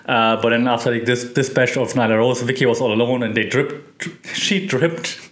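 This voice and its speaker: A man talks through a weekly recap in a relaxed, unscripted way. His voice sits at an ordinary middle pitch. He wanders through his points with frequent fillers and self-corrections. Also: normal speed. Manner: relaxed, rambling, many fillers and restarts. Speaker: host. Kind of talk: casual recap chat.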